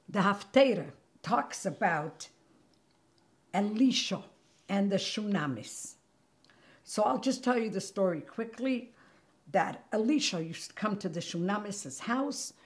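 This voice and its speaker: A woman hosting and teaching a Torah class, telling the story with animated energy and sometimes dropping to a near-whisper for emphasis. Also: lowish voice, creaky.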